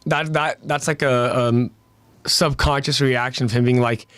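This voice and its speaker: A man co-hosting a casual podcast discussion, chiming in with short agreements and loud, high-pitched acted-out quotes. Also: steady tone, measured pace, no echo. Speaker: podcast co-host.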